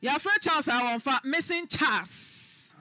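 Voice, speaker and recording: Very high, bright woman host. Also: expressive, unhurried. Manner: direct, questioning, firm. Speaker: radio advice host. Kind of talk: call-in advice show.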